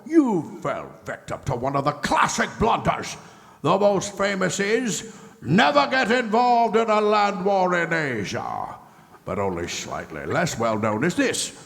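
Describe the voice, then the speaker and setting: A man plays a pompous male schemer who can't stop admiring his own cleverness. His delivery swings wildly in pitch and drags along with a gravelly edge. It's heard live through a stage mic in a big echoing hall. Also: big pitch swings, unhurried, fairly bright tone, heavily acted. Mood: gloating. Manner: pompous, talkative, keeps laughing at own cleverness. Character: gloating, self-satisfied male schemer. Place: convention stage. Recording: reverberant convention hall.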